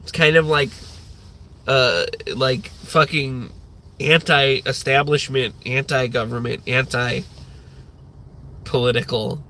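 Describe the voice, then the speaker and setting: A man's voice: mid-range voice, fairly even intonation, slow, long pauses, sharp tone, slight background noise. A man in his thirties hosting a livestream, ranting in a rambling way with lots of swearing and filler words. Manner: rambling, profane, many fillers. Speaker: livestream host.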